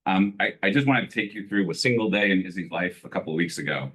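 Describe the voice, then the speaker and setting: Earnest deep-voiced father, halting. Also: lively intonation, fairly bright tone. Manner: earnest, halting with many fillers and restarts. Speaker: parent giving public comment. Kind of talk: emotional public comment at a meeting. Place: school board committee meeting room.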